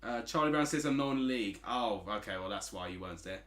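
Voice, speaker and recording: A man's voice: fairly low pitch, expressive, quick pace, fairly bright tone, reverberant. A man from Essex with an Essex accent, chatting casually as a streamer while watching football and reading out chat messages. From Essex, England.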